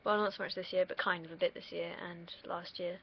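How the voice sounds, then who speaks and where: A woman's voice: on the low side, steady tone, fairly quick, slight background noise. A young woman from the United Kingdom, rambling candidly in a casual solo livestream and swearing freely. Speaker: streamer. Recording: dull lo-fi mic.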